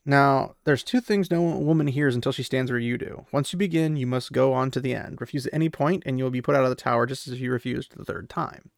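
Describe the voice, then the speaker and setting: A man voicing a stern older woman mentor, speaking in a solemn, measured way. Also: mid-range voice, vocal fry, dry recording, studio quality, lightly acted.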